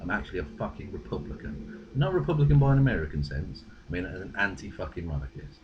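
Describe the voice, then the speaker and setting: Low british guy, sarcastic comebacks, swears a lot, bit muffled. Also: big pitch swings, fast talker, background noise. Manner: dry, sarcastic, profane retorts. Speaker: video creator responding. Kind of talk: rebuttal commentary.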